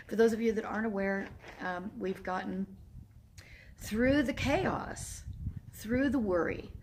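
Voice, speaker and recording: A woman's voice: a little high, a little hiss or hum. A woman in her fifties giving a casual, emotional video update, rambling and laughing often. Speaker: horse sanctuary founder. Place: Walnut Creek area.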